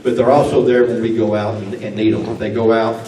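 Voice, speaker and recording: A man's voice: lowish voice, flat delivery, a little fast, crowd noise. A man, a sheriff giving a folksy awards dinner speech, drawling and restarting words as he tells stories. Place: banquet hall. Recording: echoey hall recorded from far off.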